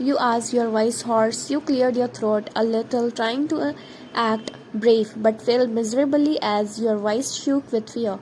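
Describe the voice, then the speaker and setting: A woman reading her fan fiction story aloud as a narrator, steady with occasional slips. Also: a little high, normal speed, a little hiss or hum, poor audio. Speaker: fan fiction author and reader.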